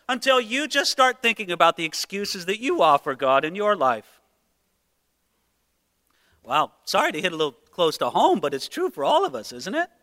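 A pastor delivers an emphatic sermon, driving his points home with rhetorical questions and acted-out quotes. His voice is very high and intensely bright. A long reverb from a large hall follows every line. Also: big pitch swings, moderate pace. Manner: emphatic, rhetorical, with dramatized quotations.

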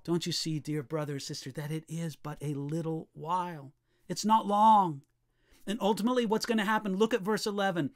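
A man preaching a sermon, reading scripture slowly and asking the listeners rhetorical questions. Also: sits high, fairly even intonation.

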